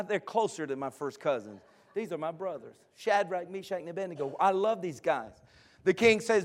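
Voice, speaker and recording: A man preaching a sermon to a congregation, impassioned and repetitive, breaking into shouts. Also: sits high.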